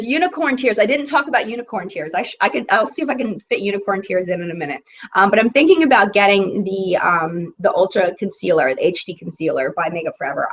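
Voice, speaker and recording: A woman's voice: medium pitch, a bit bright, dull audio. A woman in her thirties hosting a casual beauty live chat, chatty and bubbly, reading viewer comments aloud.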